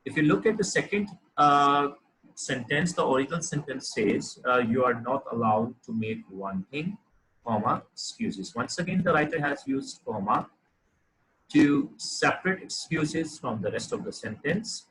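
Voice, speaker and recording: A man teaching a lesson on clear writing, explaining examples step by step with frequent fillers and restarts. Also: mid-range voice, lively intonation, a little slow, fairly bright tone, a little hiss or hum, rough recording. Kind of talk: lecture on writing.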